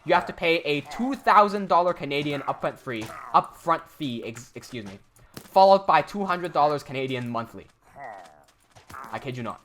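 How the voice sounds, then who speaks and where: A man's voice: a little high, lively intonation, normal speed, fairly bright tone. A man hosting a livestream and telling a story casually, emphatic and indignant, with his voice rising when he is outraged. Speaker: livestream host.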